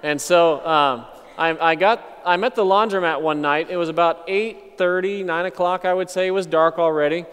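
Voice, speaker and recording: A man's voice: high-pitched, steady tone, moderate pace, fairly bright tone, clean tone, in a large hall. A man, a missionary pastor, telling a personal testimony in a conversational, reflective way.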